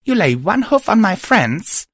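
A hot-tempered young alicorn hero pushes back with strained, urgent defiance, as a man narrating the story does the voice. The voice is pitched well above a plain speaking voice and sounds close and dry. The delivery is tense and determined throughout. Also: sing-song, measured pace, fairly bright tone, no echo, heavily acted. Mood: defiant.

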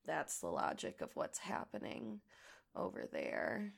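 Low gravelly-voiced woman, chatty. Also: huge pitch swings, a little slow. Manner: rambling and chatty, many fillers. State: gravelly voice today. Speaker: audio creator and crafting vlogger. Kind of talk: casual chat while crafting.

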